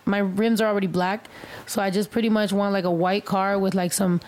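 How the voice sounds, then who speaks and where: A woman's voice: mid-range voice, flat delivery, brisk, darkish tone, slight background noise. A young woman chatting casually with family on a livestream, blunt and swearing, switching between English and Spanish. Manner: blunt, profane, mock-sulky. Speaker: live streamer. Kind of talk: casual bilingual family chat.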